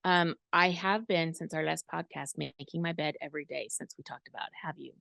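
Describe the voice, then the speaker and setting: Gravelly middle-aged woman podcasting. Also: low voice, fairly even intonation, a little fast, a bit bright, no room sound. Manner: emotional, gushing. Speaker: podcast host. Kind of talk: casual podcast chat.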